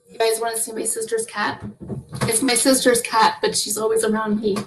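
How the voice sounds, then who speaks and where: A young woman chats easily as an interview guest. Her voice sits a little high, and she laughs often between phrases as she tells her stories. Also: level tone, a little fast, distant mic, slight background noise, poor audio. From Canada. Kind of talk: casual interview chat.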